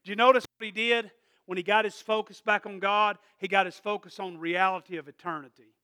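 High bright-voiced preacher guy in church, keeps asking amen, soft then loud. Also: steady tone, a little fast, clear, resonant tone, no echo, clean studio sound. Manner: call-and-response preaching, repeated "Amen?"; swings from quiet asides to loud emphatic peaks. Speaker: pastor. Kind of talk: sermon.

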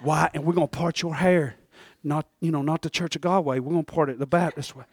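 Man plays a meek friend bearer, deep murmur, earnest, coaxing, a touch of fry. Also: fairly even intonation, a little fast, no room sound. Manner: soft, hushed, coaxing.

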